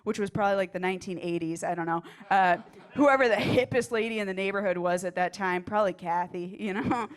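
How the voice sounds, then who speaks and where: A woman's voice: mid-range voice, a little fast, fairly bright tone. A stand-up comedian on a club stage, talking in a rambling, self-deprecating way and laughing at her own jokes. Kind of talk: stand-up set.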